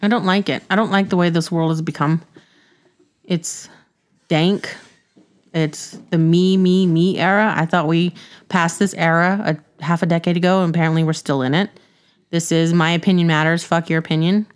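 A woman's voice: fairly low pitch, fairly even intonation, normal speed, clear, resonant tone. A middle-aged woman hosting a casual podcast chat, ranting bluntly and laughing often. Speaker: podcast host.

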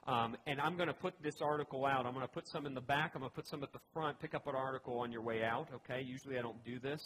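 A man's voice: medium pitch, fast, a bit bright, slight background noise, poor audio. A man pastor giving a conversational sermon, earnest and emphatic, often restarting his phrases.

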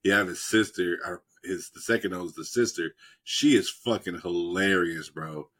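Low husky man telling stories. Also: moderate pace, a bit bright. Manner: rambling, profane, laughing between lines. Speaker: podcast co-host. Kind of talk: casual chat, retelling TV scenes.

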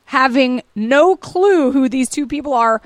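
A woman's voice: sits high, no echo. A woman co-hosting a casual chat, recapping a sitcom episode and acting out the characters' lines. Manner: animated, acts out characters' lines in quick impressions. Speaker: podcast co-host.

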